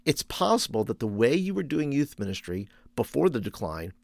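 A man in the middle of the usual pitch range hosts a solo podcast, coaching listeners in a loose, conversational way. He stumbles and restarts often and drops in plenty of fillers. The sound is close and dry, with no room around it. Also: sing-song, normal speed, gravelly, no room sound. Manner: conversational, many fillers and restarts, laughs at own stories. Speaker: youth ministry coach and podcast host. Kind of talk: podcast monologue.

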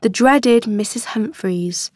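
A woman's voice: a little high, slow, no echo. A proud wife, curt and short with people, voiced by a female audiobook reader. Her lines come out clipped and tight, close and dry, with no room sound. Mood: sulky. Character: proud, irritated young wife.

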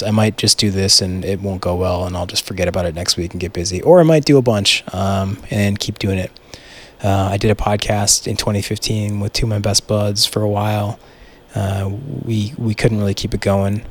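A young man hosting a casual solo podcast, rambling and excitable, swearing freely and restarting his sentences. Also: on the low side. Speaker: podcast host.

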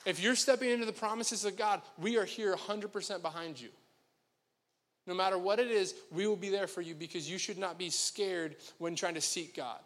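A man's voice: high voice, steady tone, brisk, fairly bright tone, in a large hall. A man preaching a sermon to his congregation, talking in a conversational, joking way straight to the people in front of him. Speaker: pastor. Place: church sanctuary.

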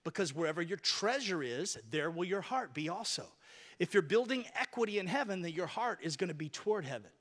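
A man's voice: high-pitched, animated, fairly quick, fairly bright tone. A man preaching a sermon to a church congregation, calling for responses and repeating key phrases for emphasis. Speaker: pastor.

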